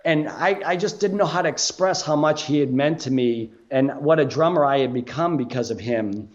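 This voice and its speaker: A man, a guest on a podcast, telling a story in a casual, animated way, swearing and laughing as he goes. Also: a little high, normal speed, dull audio.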